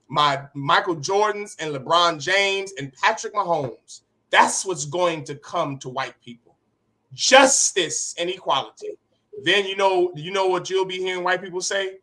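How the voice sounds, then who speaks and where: Male preacher leading a class, fairly high bright tense voice, fiery and rhetorical. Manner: impassioned, rhetorical, sharp swings in loudness. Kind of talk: street-preacher sermon.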